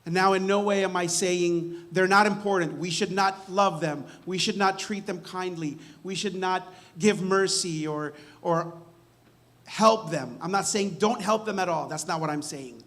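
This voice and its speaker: A man's voice: sits high, a little slow, a bit bright. A man preaching a church sermon in a casual, conversational way, often restarting words and checking in with "right?". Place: church sanctuary.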